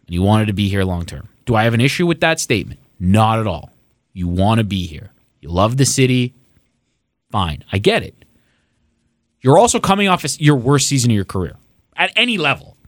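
A man's voice: on the low side, sing-song, a little fast, no echo, clean studio sound. A young man co-hosting a sports podcast, ranting sarcastically and swearing as he builds up heat. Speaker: podcast co-host. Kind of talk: casual sports podcast rant.

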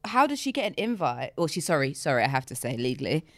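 Wry woman co-host, low voice, dry sound. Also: very animated, quick pace, dry recording. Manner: wry, interjecting, laughs often. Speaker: podcast co-host. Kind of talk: casual chat.

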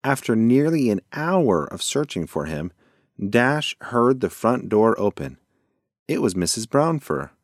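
A man reading a children's bedtime story aloud in a gentle, lively storytelling way. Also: lowish voice, a little slow, dry recording, studio quality. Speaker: narrator.

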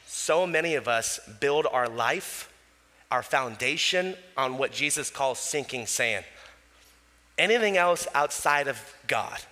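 Male pastor, bright forceful tone, animated sermon delivery, long church-hall reverb. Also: mid-range voice, slow pace. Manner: animated preaching, acting out voices, swings from loud to quiet.

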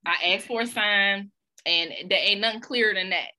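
A woman hosting a podcast, telling a personal story in a casual, animated, slangy way and laughing along. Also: mid-range voice, moderate pace. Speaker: podcast host.

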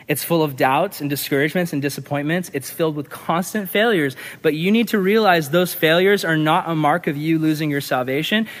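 Earnest male pastor in a reverberant hall. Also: a little high. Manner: earnest, conversational, repeats for emphasis. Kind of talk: sermon.

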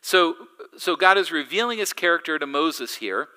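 A man's voice: a little high, lively intonation, moderate pace, bright, forceful tone, clear, resonant tone, low-quality recording. A man preaching a sermon, explaining scripture in a conversational teaching manner with occasional fillers and restarts, building to emphatic points. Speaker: pastor.

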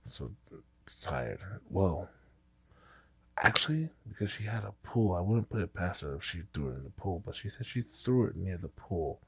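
A man's voice: low voice, big pitch swings, moderate pace, creaky, fairly bright tone, breathy edge, dry recording. A man casually telling a personal story, rambling and restarting his sentences. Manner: rambling, repeats himself with false starts.

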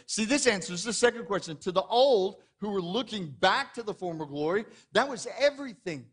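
A man preaches to his congregation in a church sanctuary. His voice sits a touch high for a man. He keeps it conversational and keeps firing questions at the people in the pews. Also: lively intonation, normal speed, hardly any pauses, fairly bright tone. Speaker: pastor. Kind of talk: sermon.

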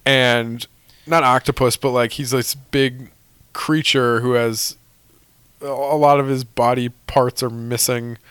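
Young male co-host, easygoing storyteller, mid-pitched, dry close mic. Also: takes it slowly, clear, resonant tone, no echo. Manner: relaxed, storytelling, laughs often. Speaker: podcast co-host. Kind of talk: casual chat.

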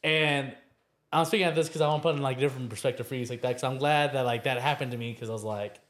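A man's voice: mid-range voice, fairly even intonation, quick pace, fairly bright tone. A man with a middle-range voice co-hosts a podcast. He talks loosely and casually, dropping slang as he shares his own experience. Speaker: podcast co-host.

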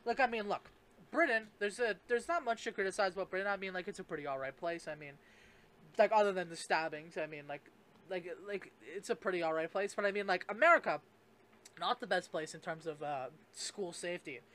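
A man's voice: sits high, expressive, fairly quick, sharp tone. A young man hosts a solo podcast. He rambles and swears freely, restarting his sentences and leaning on fillers as he talks things through. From Canada. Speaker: podcast host. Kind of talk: casual solo podcast rant.

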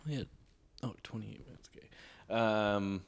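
A man's voice: lowish voice, steady tone, normal speed, gravelly, clear, resonant tone. A young man co-hosting a podcast in casual chat, rambling with lots of restarts and laughs. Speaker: podcast co-host.

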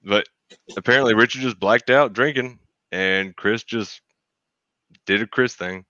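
Guy spinning a camping story, bright voice, dry slightly dull recording. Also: lowish voice, a little slow, no room sound. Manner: animated storyteller, acts out friends' voices. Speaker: podcast co-host. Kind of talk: casual storytelling.

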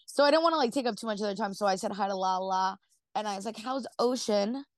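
A woman's voice: medium pitch, rapid-fire, no room sound. A woman co-hosting a podcast, telling a story in casual chat, rambling with lots of "like" and "dude" and casual swearing. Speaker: podcast co-host.

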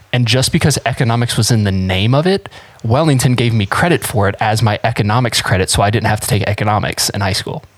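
A man's voice: on the low side, dry recording. Podcast host, male, chatty, rambling, restarts a lot; dry, close sound. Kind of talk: casual conversational podcast.

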